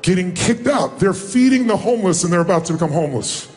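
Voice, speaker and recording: A man's voice: sits high, expressive, fast talker, breathy edge, faint music behind. A middle-aged man giving a motivational speech, telling a personal story with emotion and rising to emphatic peaks. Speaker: motivational speaker.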